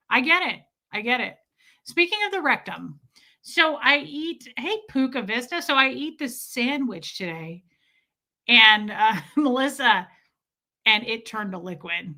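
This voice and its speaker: A woman from the United States hosts a casual livestream, chatting in a lively way and leaning on fillers as she goes. She reads viewer comments aloud between stories. Her voice sounds bright and forward. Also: on the high side. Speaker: livestream host.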